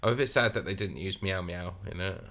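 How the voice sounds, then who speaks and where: A man co-hosts a casual film podcast, cracking dry jokes with a casual curse here and there. His voice is low and gravelly, with plenty of fry at the ends of phrases. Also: a little fast, pushed and bright. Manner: dry, joking, swears casually. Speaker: podcast co-host.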